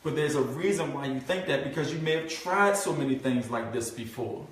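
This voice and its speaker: A man coaching a group on marketing, animated and repetitive, often checking in with "right?", acting out what his prospects think. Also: a little high, a little fast. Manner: animated, acts out prospects' thoughts. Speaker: network marketing trainer. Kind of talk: live group coaching session. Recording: very echoey room, mic far off.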